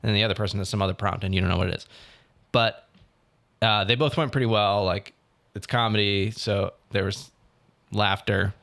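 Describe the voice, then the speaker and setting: A young man co-hosting a podcast, telling a story in a casual, animated way and acting out what other people said. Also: on the low side, normal speed, vocal fry, long pauses. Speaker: podcast co-host. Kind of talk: casual chat.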